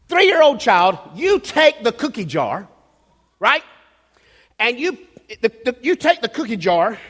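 Male pastor, high voice, preaching in a reverberant church hall, halting restarts and rising emphasis. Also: pushed and bright. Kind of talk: sermon. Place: church sanctuary.

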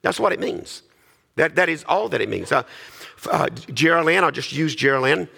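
A man's voice: on the high side, expressive, normal speed, vocal fry, bright, forceful tone, breathy edge. A man preaching a sermon, reading scripture and then explaining it with repetition and asides to the congregation. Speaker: pastor.

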